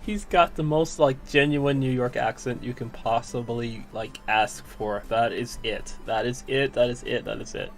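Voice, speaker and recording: A man's voice: mid-range voice, fairly even intonation, normal speed, few pauses. A man hosting a livestream, chatting in a friendly way, laughing often and repeating himself. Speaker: livestream host. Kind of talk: casual livestream chat.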